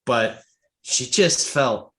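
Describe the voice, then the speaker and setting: A man talking as a podcast guest in casual chat, animated and halting, with frequent repeated restarts. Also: mid-range voice. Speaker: guest Tolkien expert.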